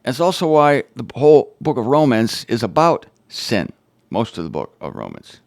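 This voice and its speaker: A man's voice: mid-range voice, huge pitch swings, moderate pace, gravelly, a little mellow, dry recording, studio quality. A man hosting his own show, teaching on the Bible in an informal, emphatic way with wry, sarcastic asides.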